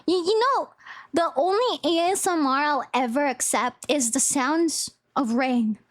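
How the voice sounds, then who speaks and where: High-voiced bubbly woman streamer. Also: unhurried. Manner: bubbly, rambling, laughs easily. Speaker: VTuber streamer. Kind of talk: casual live-stream chat.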